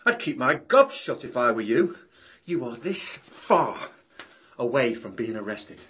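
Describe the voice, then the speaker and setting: A man's voice: mid-range voice, sing-song, a little slow, fairly bright tone. Man playing a sardonic official. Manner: sardonic, curt and dismissive. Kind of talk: stage or radio drama acting.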